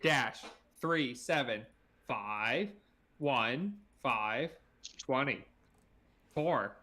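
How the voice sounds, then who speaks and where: A man voicing a grinning male android who speaks in flat, clipped answers. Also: medium pitch, extremely slow, heavily acted. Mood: deadpan.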